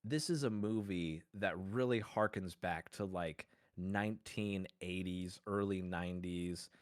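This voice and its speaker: A man's voice: low-pitched, unhurried, dry recording, studio quality. A man co-hosting a podcast, arguing his case in a playful, rambling, mock-formal way and laughing often. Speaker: podcast co-host. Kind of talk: casual mock-courtroom argument.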